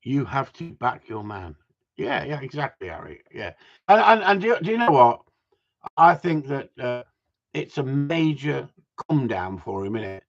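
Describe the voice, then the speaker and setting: A man's voice: mid-range voice, big pitch swings, moderate pace. A middle-aged man hosting a live stream, chatting casually with viewers, swearing a lot and laughing often. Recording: dull lo-fi sound.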